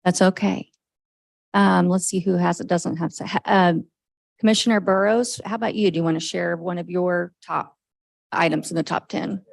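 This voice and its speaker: A woman facilitating a government budget meeting, brisk and encouraging, with frequent okays as she calls on each member. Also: fairly low pitch, steady tone, gravelly, no echo, poor audio. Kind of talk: leading a group discussion.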